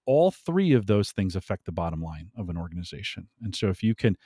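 A man talking as a podcast guest in an animated way, laughing often and pushing up his voice for emphasis. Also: deep voice, fairly quick, slightly rough, no echo, clean studio sound. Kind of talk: conversational interview.

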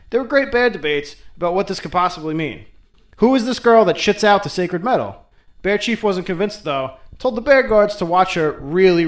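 A man retells a folktale as host, with a fairly high voice and an irreverent, profane, wisecracking delivery. His comedic asides come in a casual talking tone. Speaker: host and storyteller. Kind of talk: comedic folklore storytelling.

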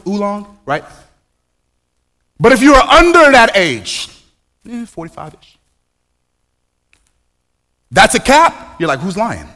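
Animated preacher with a high-set male voice. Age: 40s. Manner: conversational preaching, rhetorical questions, playful asides. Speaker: pastor. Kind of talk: sermon.

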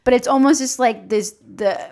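A young woman co-hosting a podcast in casual chat, candid and profane, dropping into low mock-menacing asides. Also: normal speed, darkish tone. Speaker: podcast co-host.

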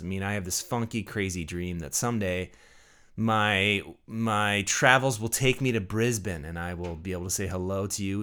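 A man's voice: deep voice, a bit bright. A man, a pastor, hosting his podcast in a chatty, jokey, self-deprecating monologue. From Midwestern United States.

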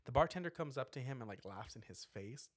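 Lively, animated man recapping a film. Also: medium pitch, fast, slightly rough, dry recording, studio quality. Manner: animated storytelling with frequent laughs and fillers. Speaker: podcast co-host recapping a horror film. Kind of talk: casual chat.

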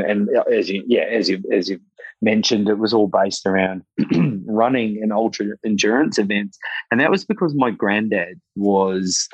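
A man, a guest in an interview, telling a personal story in a halting, emotional way with many restarts. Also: fairly low pitch, no echo, lo-fi sound.

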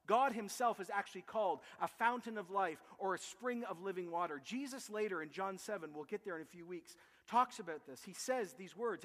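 A man preaching a sermon as pastor, animated and emphatic, with vivid comparisons. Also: sits high, a little fast, few pauses, big-room sound.

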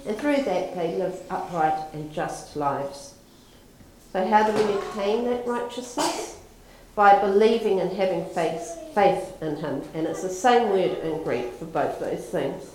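A woman's voice: medium pitch, a little slow, background noise. A woman giving a sermon in a conversational, storytelling manner. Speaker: preacher. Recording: echoey room.

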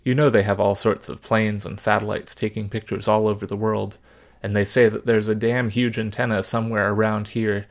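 A man's voice: fairly low pitch, little pitch movement, brisk, few pauses, lightly acted. A man voicing a paranoid, fervent middle-aged father who rails about communists in a spoken story. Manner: fervent, conspiratorial, emphatic.

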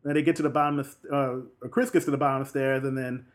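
A man in casual chat retelling a film's plot, acting out the characters' lines in quick, lively bursts. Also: medium pitch. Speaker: film recapper.

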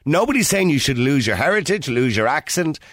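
A man with a Dublin Irish accent hosting a radio phone-in, talking bluntly and forcefully, arguing his point. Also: a little high, sing-song, a little fast, dry recording, clean studio sound. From Ireland (Dublin). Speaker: radio show host. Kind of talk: opinionated radio phone-in talk.

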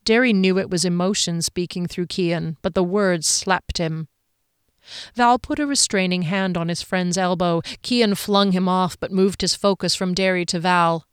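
A woman narrating a fantasy novel aloud in a calm, even storytelling manner. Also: moderate pace, clean tone, no room sound, clean studio sound. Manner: calm, even storytelling that shifts pitch for quoted characters.

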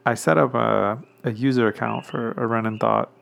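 A man hosting a casual solo podcast, rambling along with many pauses and restarts and chuckling at himself now and then. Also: mid-range voice, fairly even intonation, vocal fry, a bit bright, slight background noise. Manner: chuckles self-consciously. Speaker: podcast host.

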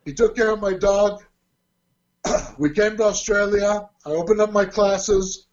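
A man with a high voice telling a personal story casually, slipping into quoted dialogue with real animation. The recording sounds dull and lo-fi. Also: steady tone, unhurried, darkish tone. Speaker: guest telling a life story. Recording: dull lo-fi audio.

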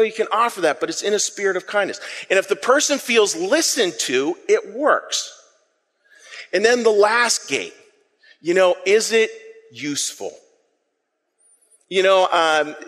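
A man's voice: high-pitched, bright, forceful tone, big-room sound. A man preaching an interactive sermon, calling the congregation to repeat words back to him in a playful, self-deprecating way. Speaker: pastor. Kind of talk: interactive sermon with audience call-and-response. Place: church sanctuary.

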